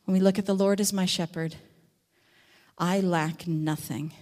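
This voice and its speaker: Teaching on a psalm, a woman with a fairly low voice brings her stories to life, bursting into loud acted-out voices for quotes and even sheep. On the important lines she becomes reflective, slowing down and speaking more softly.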